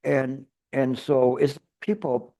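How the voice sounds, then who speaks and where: Mellow rambling male meditation teacher. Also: mid-range voice, fairly even intonation, slow. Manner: rambling, self-interrupting, playful examples. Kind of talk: retreat dharma talk. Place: retreat hall.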